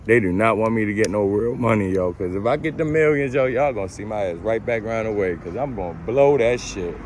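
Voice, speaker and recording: A man's voice: on the low side, fast talker, slight background noise. A man telling a casual story about his own life, slangy and profane, acting out his own reactions. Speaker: storyteller vlogger.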